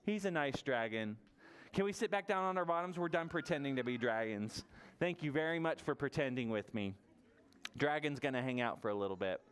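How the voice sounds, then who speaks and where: A man leading a toddler story time at a library, animated and sing-song as he encourages the children. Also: medium pitch, a little fast, smooth. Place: public library room.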